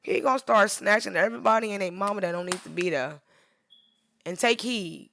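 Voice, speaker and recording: A woman's voice: medium pitch, fairly quick, vocal fry, sharp tone, no room sound. A woman photographer talking casually on a livestream while she edits, rambling and emphatic, drifting into preachy asides, sounding worn out. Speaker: photographer livestreaming her editing.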